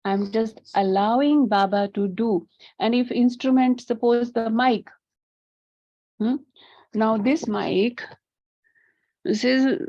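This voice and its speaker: A woman's voice: on the high side, fairly even intonation, slow pace, pauses often, warm tone. A woman, explaining a spiritual teaching and posing rhetorical questions to her listeners. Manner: poses rhetorical questions, acts out students' sweet pleas. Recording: slightly dull lo-fi recording.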